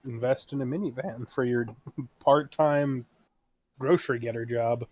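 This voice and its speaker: A man's voice: mid-range voice, fairly even intonation, measured pace, darkish tone. A young man co-hosting a casual podcast, telling stories in a laid-back way with casual swearing. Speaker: podcast co-host. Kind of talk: casual chat.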